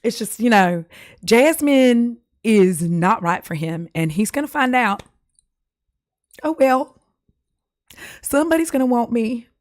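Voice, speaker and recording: A woman's voice: a little high, lively intonation, slow pace, pauses often, a little mellow, pitched above the performer's own voice. Woman doing a gushing dating-show contestant. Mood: mock-wounded.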